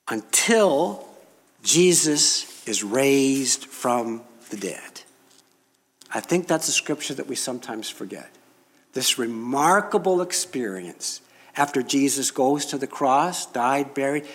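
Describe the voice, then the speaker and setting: A male preacher delivering a sermon in a slightly raised voice. He speaks very slowly and deliberately, stretching out key phrases and pausing for effect. His words ring out with the long reverb of a large hall. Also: fairly high pitch. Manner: slow, emphatic preaching with dramatic pauses.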